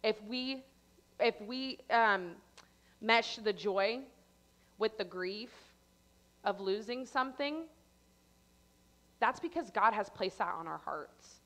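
Young woman preaching at church, chatty storytelling, acts out her own freakouts, middle pitch. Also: animated, slow pace, long pauses, a bit bright. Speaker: church speaker. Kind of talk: sermon with personal story.

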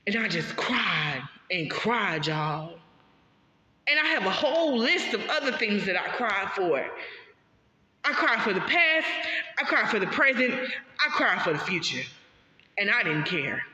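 A woman's voice: fairly high pitch, sing-song, moderate pace, pushed and bright. Woman, vlogger, heartfelt monologue, emphatic, repetitive, talks to listeners, roomy echo. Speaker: vlogger sharing her story. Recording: echoey room, dull lo-fi sound.

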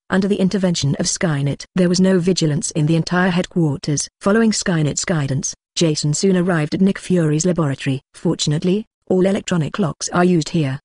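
A text-to-speech voice reading a web novel audiobook in flat, even narration. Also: medium pitch, breathy edge, dry recording. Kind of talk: scripted narration.

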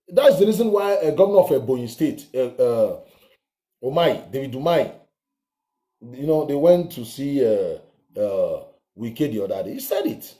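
A man's voice: mid-range voice, dark tone. A man giving heated political commentary on his channel, scornful and ranting, swearing now and then. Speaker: vlogger. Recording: roomy echo.

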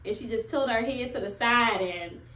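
Woman, 30s, earnest and heartfelt vlog talk, fairly high voice, echoey home room. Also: moderate pace, fairly bright tone. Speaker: vlogger. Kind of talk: casual personal vlog. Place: her apartment at home.

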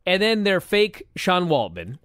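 A man co-hosting a podcast, talking in an animated, exasperated way and laughing as he swears. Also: high-pitched, unhurried, clean tone, no room sound, studio quality. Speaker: podcast co-host. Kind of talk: casual chat reviewing old wrestling.

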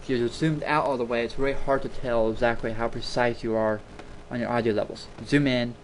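A man's voice: medium pitch, fairly even intonation, fairly quick, a little hiss or hum. A man hosting a casual screen-recording tutorial, chatty and rambling, repeating words for emphasis, talking into a desktop mic at his home computer. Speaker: video tutorial host.

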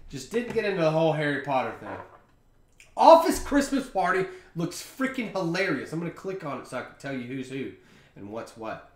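Lively, rambling young podcast guy. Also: high-pitched. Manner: rambling, offhand, drinking beer. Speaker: podcast host. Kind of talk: casual chat. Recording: roomy echo.

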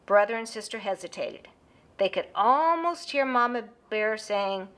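A woman narrating a children's storybook with a lively, expressive reading. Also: a little high, a little slow.

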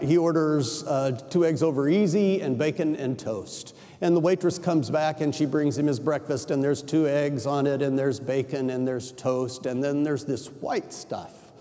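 Older male preacher, easy conversational sermon, slightly high mellow voice, echoing sanctuary. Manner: conversational storytelling preacher, self-correcting asides. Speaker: pastor. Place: large church sanctuary. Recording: reverberant church sanctuary.

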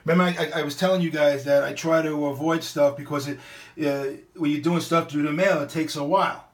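A man's voice: on the high side, steady tone, a little fast. A middle-aged man, talking in a casual, ranting monologue. He is blunt and profane and keeps restarting his sentences. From New York. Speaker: vlogger.

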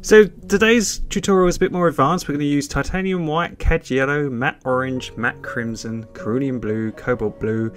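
A British man giving a step-by-step painting tutorial, chatty and encouraging, with reassurances he repeats often. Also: mid-range voice.

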